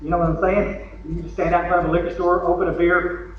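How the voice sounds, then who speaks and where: A man's voice: sits high, little pitch movement, quick pace, heavy background noise. A man with a Texan accent giving a folksy, joking recovery talk from the podium at a convention. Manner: folksy and joking, with acted asides. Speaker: convention speaker. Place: large convention hall. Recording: echoey hall, lo-fi, from far off.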